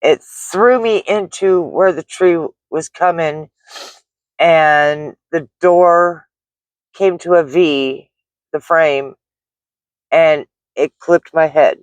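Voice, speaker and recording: Middle-aged woman vlogging, slow rambling story, lots of restarts, dry close sound. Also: low-pitched, dry recording. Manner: rambling, shaken retelling with many restarts and fillers. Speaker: delivery driver and vlogger. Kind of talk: personal story vlog.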